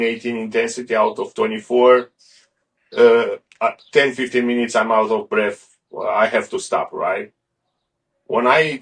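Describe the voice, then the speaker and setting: Gravelly low-voiced man, off-mic. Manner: rambling, restarts often. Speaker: guest. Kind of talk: casual interview talk. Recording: a bit far from the mic.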